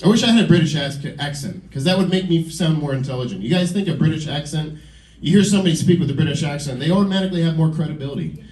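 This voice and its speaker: A man's voice: on the high side, quick pace, a little mellow. Rambling stand-up comic in his forties. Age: 40s. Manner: rambling, self-deprecating banter with the crowd. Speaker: stand-up comedian. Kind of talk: stand-up comedy set. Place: comedy club stage. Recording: roomy club, from a distance.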